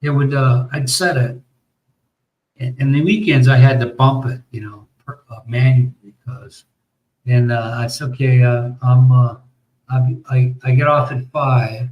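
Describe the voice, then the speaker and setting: A man's voice: medium pitch, steady tone, unhurried, highs cut off. An American man telling a long, rambling story in casual chat, swearing often and restarting his sentences. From United States. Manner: rambling, profane, lots of restarts and fillers. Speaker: podcast host.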